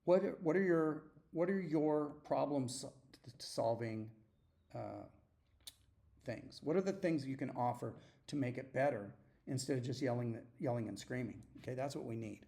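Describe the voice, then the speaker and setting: Gravelly-voiced man exhorting listeners. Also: medium pitch, moderate pace, warm tone. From United States. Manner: earnest, exhorting, frequent throat clearing and restarts. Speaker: podcast host. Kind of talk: opinionated solo podcast monologue.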